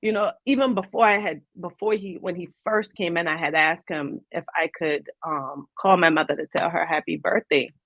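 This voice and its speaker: A woman speaks as an interview guest, recounting her own past in vivid, earnest detail. Her voice has a gravelly fry to it, sitting at a middling pitch. The recording is dry and a bit dull, like a lo-fi stream. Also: moderate pace, few pauses, fairly bright tone, no echo. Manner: earnest, vivid retelling with quoted dialogue. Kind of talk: personal storytelling in an interview.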